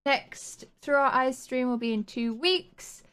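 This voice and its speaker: Slow, high-voiced woman stream host. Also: fairly bright tone, clear, resonant tone. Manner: halting, many ums and restarts. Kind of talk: casual stream sign-off.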